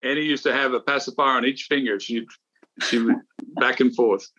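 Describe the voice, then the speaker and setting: A man's voice: medium pitch, steady tone, normal speed, sharp tone, dull audio. A middle-aged man, a podcast co-host, chatting casually and rambling through stories with restarts. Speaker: podcast co-host, former golf champion. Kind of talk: casual chat.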